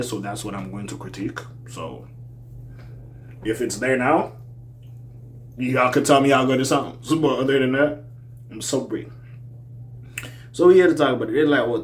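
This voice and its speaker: A man giving a casual, animated album review, talking loosely with sudden loud outbursts. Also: mid-range voice, slight background noise. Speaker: music reviewer. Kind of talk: casual commentary.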